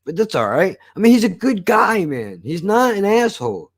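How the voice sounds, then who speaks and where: Male reviewer, loose vlog rant, heavy swearing, lively storytelling. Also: high-pitched, normal speed, husky. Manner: swears constantly, animated storytelling. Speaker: show reviewer. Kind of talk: casual profane rant.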